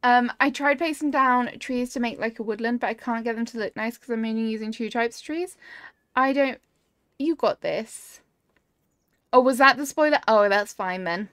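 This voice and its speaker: This streamer talks at a moderate pace in a fairly high, fairly bright, clean voice while playing a cozy building game. She reads chat aloud and gushes, easily delighted, over viewers' builds in casual chat, with clean studio sound and no room sound.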